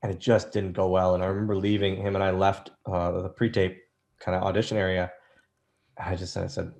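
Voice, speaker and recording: A man's voice: sits low, little pitch movement, a little fast, darkish tone. A man in his thirties telling rambling, self-deprecating stories as an interview guest, with lots of restarts. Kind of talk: casual storytelling interview.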